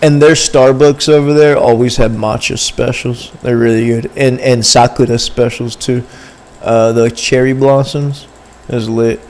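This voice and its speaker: A man's voice: medium pitch, fairly even intonation, unhurried, darkish tone. A young man livestreaming, chatting casually and rambling in slang to his viewers. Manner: rambling, slangy, talks to chat. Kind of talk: casual stream chat.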